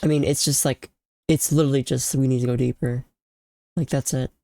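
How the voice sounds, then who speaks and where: A streamer who sounds sick, congested and tired rambles casually about a video game, often trailing off and starting sentences over. The voice is medium-pitched, steady and mellow, a little fast, with no room sound.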